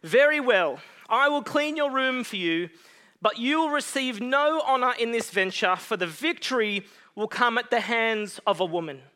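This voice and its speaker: A man's voice: very high-pitched, expressive, moderate pace, bright, forceful tone, exaggerated voice. A man putting on his mother's voice as a solemn, formal woman speaking in old-fashioned phrasing. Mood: mock-solemn. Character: stern, formal older mother.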